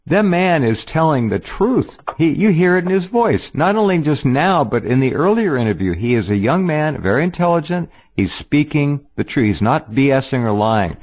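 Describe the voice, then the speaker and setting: A man's voice: fairly high pitch, sing-song, normal speed, hardly any pauses, a little mellow. A man hosting a talk radio show who reacts in an emphatic, enthusiastic way. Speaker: radio host.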